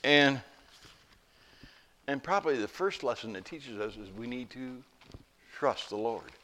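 A middle-aged pastor giving a folksy sermon, telling stories and asking rhetorical questions. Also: male voice, medium pitch, animated, unhurried, a bit bright, slight background noise.

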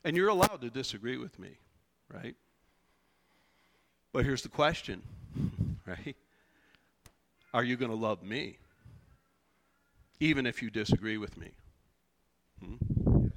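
A man's voice: mid-range voice, lively intonation, takes it slowly, vocal fry, long pauses. A male pastor giving a sermon in a church, speaking conversationally and animatedly with many rhetorical questions.

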